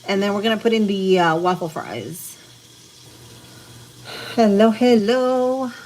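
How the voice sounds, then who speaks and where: A woman hosts a casual cooking livestream from her home kitchen, chatting with viewers while she cooks as food fries and sizzles behind her. Her mid-range voice is animated and brisk, with slight background noise.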